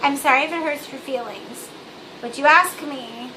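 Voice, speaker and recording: Young woman, high voice, bubbly, blunt, rambling vlog talk, noisy recording. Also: moderate pace. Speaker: vlogger. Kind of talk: casual vlog monologue.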